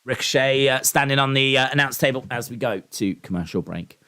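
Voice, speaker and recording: This live-stream host reacts to wrestling and boxing in a medium-pitched, animated voice that's fairly quick, bright and forceful. His talk is casual, rambling and opinionated, full of ums and false starts.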